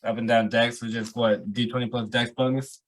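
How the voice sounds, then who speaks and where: A man playing a tabletop game in relaxed banter, laughing easily. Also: medium pitch, moderate pace. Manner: laid-back and laughing easily. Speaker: player.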